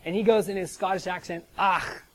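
A man's voice: high voice, moderate pace, a little mellow, a little hiss or hum, low-quality recording. An American man preaching a sermon in a chatty way, often checking in with "right?". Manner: chatty, asks rhetorical "right?". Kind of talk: conversational sermon.

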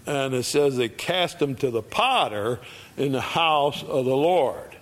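Reading scripture during a sermon, a man with an expressive mid-range voice acts out the people in the story. He speaks slowly and emphatically, giving the quoted characters their own voices.

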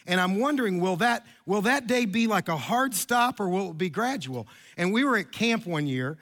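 A man's voice: high voice, expressive, normal speed, a bit bright. A pastor in his fifties giving a sermon in a chatty, joking storytelling way with many restarts.

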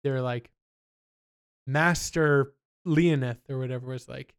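Animated young man, smooth clear voice. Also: medium pitch, unhurried, pauses often. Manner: animated storyteller, mimics people in quotes. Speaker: podcast co-host. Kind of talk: casual chat.

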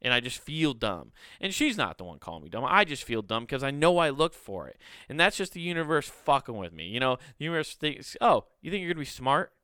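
Profane ranting podcast man, bright crisp voice. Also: medium pitch, big pitch swings, fairly quick, dry recording, studio quality. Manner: profane, exasperated rant. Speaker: podcast host. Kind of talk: casual solo storytelling.

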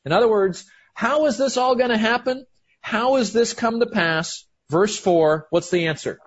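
Male preacher, high husky voice, fired-up and emphatic delivery, muffled lo-fi sound. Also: normal speed. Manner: excited, emphatic, with frequent restarts. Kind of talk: sermon.

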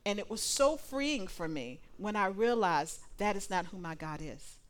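A woman preaching a sermon to a live congregation, animated and playful, acting out little dialogues. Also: medium pitch, normal speed. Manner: animated, laughing asides, acts out dialogue.

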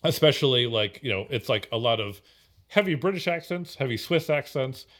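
A man's voice: medium pitch, lively intonation, moderate pace, fairly bright tone. A man co-hosting a casual film podcast, rambling with many fillers and restarts. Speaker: podcast co-host.

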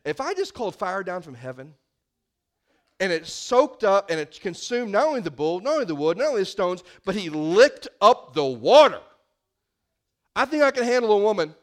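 A man preaching a sermon to his congregation in a church, telling a scripture story with lively, acted-out dialogue. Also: high voice, normal speed. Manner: animated storytelling, acting out scripture scenes. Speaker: pastor. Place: church sanctuary.

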